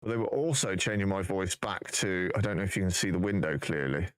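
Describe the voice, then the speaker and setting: A man's voice: deep voice, a little fast, smooth. A man live-streaming, chatting casually and thinking aloud while he fixes his voice settings.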